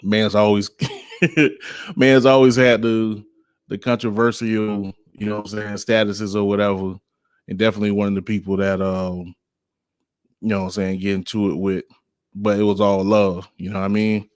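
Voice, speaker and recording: A man hosts his podcast solo in a loose, slangy ramble, dropping plenty of filler phrases as he goes. His voice sits fairly low, and the sound is dry and close, with no room echo. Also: little pitch movement, moderate pace, smooth. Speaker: podcast host. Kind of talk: casual podcast monologue.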